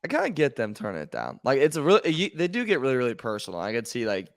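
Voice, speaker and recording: A man's voice: medium pitch, wildly swooping pitch, racing, no echo, studio quality. A man co-hosting a sports podcast in a rambling way, full of fillers and restarts. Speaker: podcast co-host. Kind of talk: casual sports talk.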